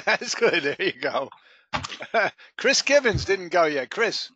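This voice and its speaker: A man's voice: high voice, sing-song, slow pace, pushed and bright, muffled recording, a little hiss or hum. A man hosting a live sales training call, joking with the group and calling on people by name.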